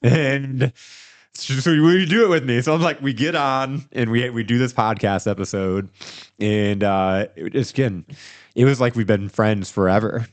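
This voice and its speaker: A man hosting a podcast, telling a story in casual chat, animated and rambling with restarts. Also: medium pitch, measured pace, dry recording. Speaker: podcast host.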